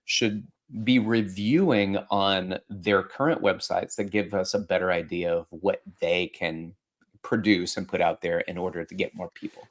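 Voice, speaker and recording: A man hosting a podcast, chatting casually and cutting in with playful, relaxed remarks. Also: deep voice, normal speed. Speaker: podcast host.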